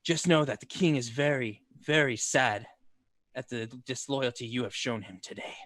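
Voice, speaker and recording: A man's voice: mid-range voice, normal speed, fairly bright tone, no room sound, close to an everyday voice. A sneering soldier talks down to a beaten man with cold contempt, voiced by a man. The delivery is officious and dry, close to the mic, like a game master's table.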